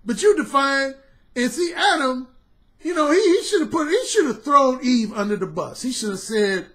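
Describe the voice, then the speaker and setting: A man hosting a podcast, a dating coach delivering an animated, profane storytelling monologue. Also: very high-pitched, normal speed. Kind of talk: casual monologue commentary.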